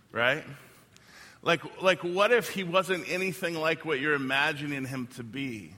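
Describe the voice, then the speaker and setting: Bright-voiced preaching man in a hall. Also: fairly high pitch, expressive, unhurried. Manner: conversational and joking, with many "like" fillers. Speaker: pastor. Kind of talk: sermon. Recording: long hall reverb.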